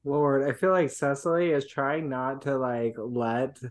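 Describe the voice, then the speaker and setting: Very low-voiced woman player. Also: steady tone, unhurried. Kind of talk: tabletop game play.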